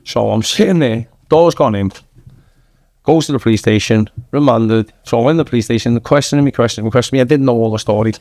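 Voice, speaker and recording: Speaking fast at medium pitch with a darkish tone, a thirty-something man with a Manchester accent shares his story casually as a podcast guest. He's blunt and sweary and keeps saying "lad." The recording is dry.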